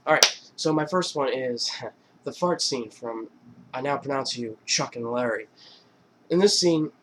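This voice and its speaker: A man's voice: mid-range voice, fairly bright tone, slight background noise. A man vlogger casually retelling funny film scenes, rambling with many fillers and laughing between lines. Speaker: YouTube vlogger.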